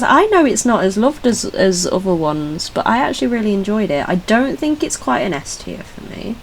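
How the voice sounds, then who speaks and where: A young British woman hosting a casual ranking video, talking in a scattered, swearing, laughing way and now and then breaking into squeaky voice stims. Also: a little mellow, a little hiss or hum, low-quality recording. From Britain. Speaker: video host. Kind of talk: casual solo ranking chat.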